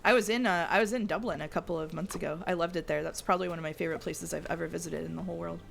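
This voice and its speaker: A woman's voice: on the low side, fairly even intonation, racing, vocal fry, slight background noise. A woman streaming a life-sim game, chatting casually, reading chat messages aloud and often trailing off and restarting her sentences. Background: faint game music.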